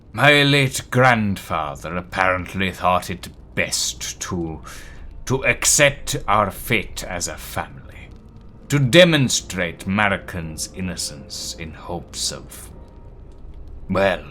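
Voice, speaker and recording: A man's voice: sits low, sharp tone, a little hiss or hum, full character voice. A man voicing an elderly, guarded grandfather who heads his family, speaking in a formal, old-fashioned way with a put-on accent.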